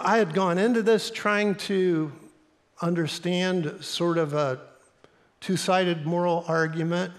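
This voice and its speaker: A middle-aged pastor with a Midwestern accent, telling a story in a sermon in an earnest, halting way with fillers. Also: male voice, sits high. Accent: American Midwestern. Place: church sanctuary. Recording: long hall reverb in a church.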